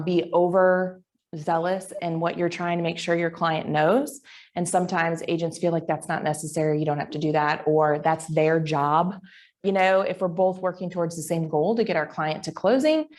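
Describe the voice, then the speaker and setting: A middle-aged woman teaching a live class in a chatty, informal way that rambles off track. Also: lowish voice. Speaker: real estate instructor. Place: classroom with online attendees.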